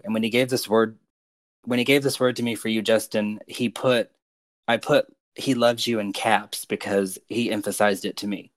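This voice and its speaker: A man on a podcast delivering prophetic words to named listeners in a slow, earnest, pastoral way. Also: on the low side, steady tone, no echo.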